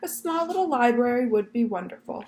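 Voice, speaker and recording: A gentle, genteel old lady librarian spins her tale with polite little "yes, ma'am"s, as a woman puts her on. Her voice sits a little high, with a gravelly edge. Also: animated, a little fast, slight background noise. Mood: fond. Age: older. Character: elderly Southern lady librarian, gentle, storytelling.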